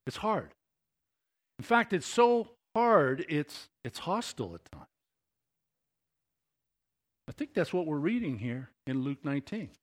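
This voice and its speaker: A man's voice: a little high, sing-song, unhurried, pauses often. A man preaching a sermon as pastor, talking conversationally and building to impassioned emphasis.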